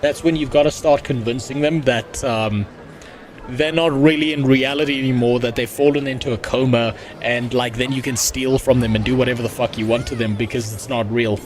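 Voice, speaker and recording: A man's voice: mid-range voice, steady tone, brisk, slight background noise. A man streaming a game, chatting casually, rambling and crude with a joking tone. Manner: rambling, crude, jokey, with frequent restarts. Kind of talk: casual gaming stream chat.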